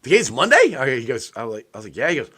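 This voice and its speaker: He's a very fast-talking co-host on a laid-back sports podcast, with a mid-range voice, animatedly telling stories, laughing a lot, and performing quoted lines.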